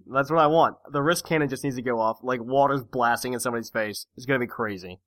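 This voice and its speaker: A man's voice: medium pitch, quick pace, a bit bright, no room sound. A man hosting a casual podcast chat, giggly and rambling. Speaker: podcast host.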